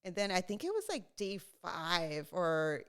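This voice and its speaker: A young woman co-hosts a casual podcast and tells a funny story with plenty of energy, slipping into quoted voices and laughing along. Her voice is smooth and clear and sits a little low for a woman. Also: unhurried. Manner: animated, laughing, acts out quotes. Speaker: podcast co-host.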